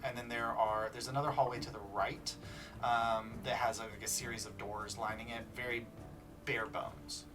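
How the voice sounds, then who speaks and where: A man narrating as game master of a tabletop game, casual and halting, with many fillers. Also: mid-range voice, recorded from a distance.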